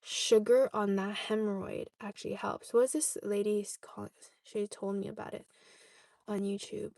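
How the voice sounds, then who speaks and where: A woman's voice: mid-range voice, flat delivery, moderate pace, creaky, warm tone, dry recording, clean studio sound. A young woman vlogger chatting casually, answering viewer questions and often checking in with "okay?". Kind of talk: casual chat.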